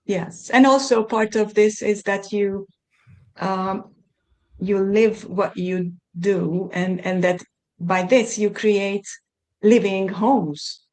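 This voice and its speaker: A middle-aged Hungarian woman speaks as an interview guest, her English carrying a clear Hungarian accent. She talks at a middling pitch, pausing and restarting as she gathers her thoughts. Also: fairly even intonation, darkish tone. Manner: thoughtful, searching for words with many restarts. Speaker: podcast guest, consultant. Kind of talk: conversational interview.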